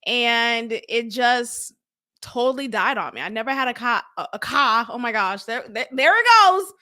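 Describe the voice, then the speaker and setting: A woman from Boston hosting a podcast alone, chatting casually and rambling, with frequent laughs and sudden swings between loud and soft. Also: fairly high pitch, animated, normal speed. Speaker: podcast host. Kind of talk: casual solo podcast chat.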